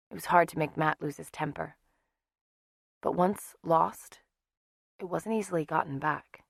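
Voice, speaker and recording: A woman's voice: deep voice, unhurried, vocal fry, pauses often, dry recording, clean studio sound. A woman narrating a novel as an audiobook, dramatic in delivery. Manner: dramatic, shifts voice for each character. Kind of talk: scripted narration.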